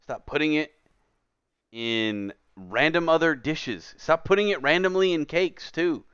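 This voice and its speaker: This man streams a game and vents in casual, exasperated, emphatic commentary from his computer. His voice is a little high, a bit bright, clear and resonant, animated yet slightly slow. The lo-fi recording sounds dull and dry, with no echo.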